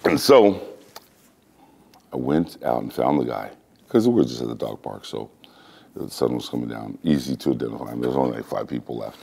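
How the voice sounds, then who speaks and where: Man, very deep voice, warm mellow tone, interview guest, animated storytelling. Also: a little fast, gravelly, long pauses, husky. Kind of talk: casual interview anecdote.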